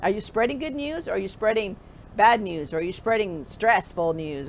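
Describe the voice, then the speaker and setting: A woman's voice: medium pitch, animated, normal speed, a little hiss or hum. A woman pastor preaching a conversational sermon, often asking the listener direct questions.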